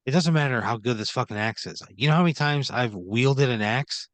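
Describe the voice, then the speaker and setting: A man's voice: medium pitch, a little fast, a bit bright, no echo. Male improv co-host, exasperated and profane, restarts lines, medium voice, dry recording. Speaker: podcast co-host playing along in improv. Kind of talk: improvised comedy.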